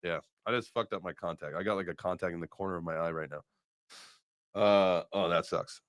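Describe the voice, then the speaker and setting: A man's voice: sits low, fairly quick. A man hosting a casual live stream, joking and rambling and swearing casually.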